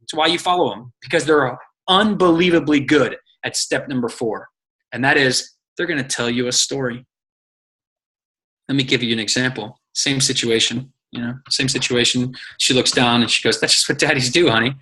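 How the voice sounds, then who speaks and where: A man coaching his team in casual, energetic talk, telling stories, acting out quotes and swearing freely. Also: medium pitch, moderate pace, low-quality recording. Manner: energetic, profane, storytelling with acted quotes. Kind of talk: casual motivational teaching.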